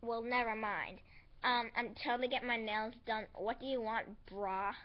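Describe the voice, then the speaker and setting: A woman's voice: a little high, steady tone, moderate pace, close to an everyday voice. Woman doing a snooty valley girl. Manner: ditzy, dismissive, slangy. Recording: lo-fi home recording.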